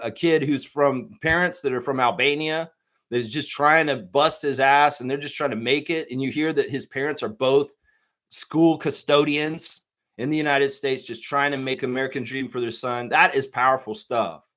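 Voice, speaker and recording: Man, sports stream host, rambling, excitable, laughs a lot. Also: mid-range voice. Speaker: podcast host. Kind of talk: casual live-stream chat.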